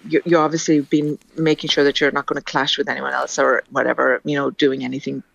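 A woman's voice: rumbling low, flat delivery, brisk, creaky, dull audio. A woman guest talking effusively in a casual radio interview, repeating her words as she gushes. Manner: effusive, bubbly, repeats herself.

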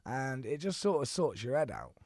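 Relaxed man in his thirties. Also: medium pitch, moderate pace, no echo, studio quality. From England. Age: 30s. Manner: laughs often, relaxed and self-deprecating. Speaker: guest singer. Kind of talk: casual radio interview chat. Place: radio studio. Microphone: studio microphone.

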